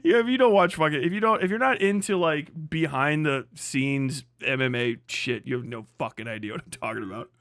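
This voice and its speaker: American man, livestream rant, high-pitched voice, swears a lot, laughs, dry close sound. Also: brisk, hardly any pauses, fairly bright tone, no room sound. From United States. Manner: profane, rambling, laughs often. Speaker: livestream host.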